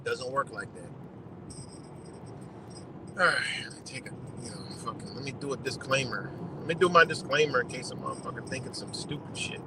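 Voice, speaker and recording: A man's voice: medium pitch, fast, noisy background. A man on a live stream giving blunt, profane commentary, lecturing his audience in a loose, heated rant.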